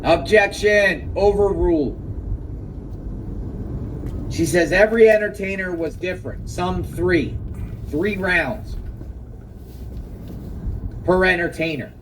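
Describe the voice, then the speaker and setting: A man's voice: high-pitched, measured pace, pauses often, a bit bright, distant mic, slight background noise, poor audio. A man giving emphatic live reaction commentary outdoors, exclaiming and repeating his key points.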